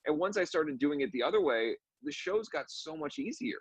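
A man's voice: on the high side, expressive, normal speed, breathy edge, dry recording, rough recording. A young man, a musician, talking candidly in casual conversation and telling stories with frequent restarts. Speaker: musician guest.

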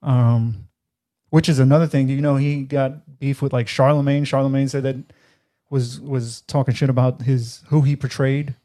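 A man co-hosting a podcast, talking earnestly about a film with many ums and pauses. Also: medium pitch, steady tone, mellow. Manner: hesitant, lots of ums, earnest. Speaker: podcast co-host. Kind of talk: casual movie chat.

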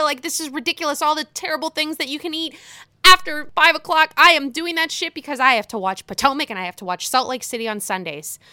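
A woman chatting casually about reality TV, gossipy and profane, swinging between quiet asides and excited outbursts. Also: high voice, no echo, studio quality. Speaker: reality TV commentator. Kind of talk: casual chat.

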